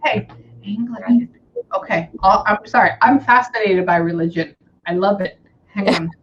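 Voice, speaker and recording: This woman, a psychic medium, keeps things chatty during a casual reading, passing along quotes and repeatedly saying "hang on." She speaks at medium pitch and a moderate pace, with dull audio and a bit of background noise.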